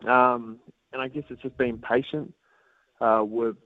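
A man's voice: mid-range voice, measured pace, dry recording. A man with a New Zealand accent, calling in as a guest to a radio show, chatting in an easygoing way with lots of fillers. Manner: relaxed, laughing, easygoing with filler words. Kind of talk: casual radio interview. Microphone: phone call. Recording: tinny phone line.

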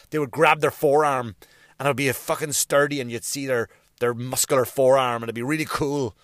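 A man doing a profane comic rant, swearing constantly and mimicking people in quick bits. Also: on the high side, fairly bright tone, dry recording, clean studio sound. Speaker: comedian.

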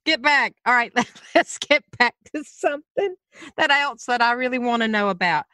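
Bright, dry-sounding woman hosting. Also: a little high, animated, normal speed, no room sound. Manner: laughs easily, chatty storyteller. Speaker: host. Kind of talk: casual interview chat.

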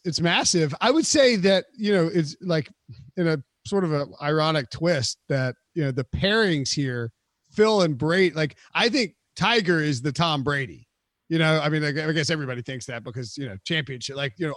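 A man's voice: fairly high pitch, a bit bright, no room sound. A man talking as a sports podcast guest, rambling and joking with many restarts. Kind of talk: casual podcast chat.

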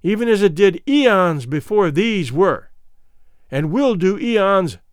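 High-voiced man reading an adventure novel. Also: animated, clean tone, no echo, studio quality. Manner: measured, reflective storytelling. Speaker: audiobook narrator. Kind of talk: first-person literary narration.

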